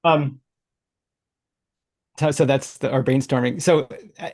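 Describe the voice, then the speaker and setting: A man hosting a workshop, telling a casual, animated story full of restarts and laughs. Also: mid-range voice, slow. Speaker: workshop host.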